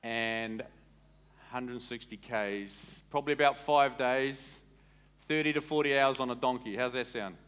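A man preaching a sermon as a pastor, in an animated, conversational way that quizzes the congregation. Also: medium pitch, measured pace, clean tone.

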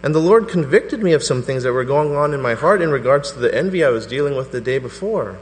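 Man preaching in a reverberant hall. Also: fast talker. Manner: animated storytelling, voice rising to a high pitch in quoted prayers. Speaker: pastor. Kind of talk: sermon. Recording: reverberant hall with mains hum.

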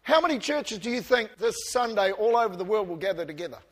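A pastor preaching a passionate sermon, shifting from soft, quiet asides to loud outbursts, and joking about himself with the congregation. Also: male voice, high-pitched, lively intonation, fast talker. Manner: self-deprecating humour with the congregation. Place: church. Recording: long reverb of a church hall.

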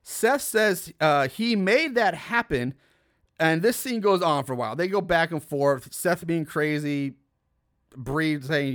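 A man's voice: on the high side, animated, unhurried, fairly bright tone. A young man casually recapping a film's plot as a podcast host, swearing and adding incredulous asides with laughs.

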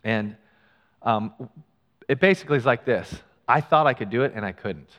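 A man's voice: mid-range voice, expressive, moderate pace, fairly bright tone, big-room sound, lo-fi sound. A man preaching a sermon in a church, reading scripture and adding conversational, self-deprecating asides. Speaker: pastor.

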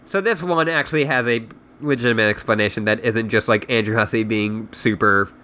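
A man's voice: on the low side, fairly quick, bright, forceful tone, a little hiss or hum. A man hosting a podcast, reading a story aloud and then chatting loosely with many fillers. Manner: loose, filler-heavy talk with lots of "like". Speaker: podcast host. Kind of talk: casual chat and reading aloud.

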